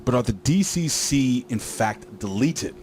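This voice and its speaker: A man's voice: medium pitch, expressive, measured pace, darkish tone, slight background noise. A man casually recapping a wrestling show, rambling with lots of fillers and joking asides.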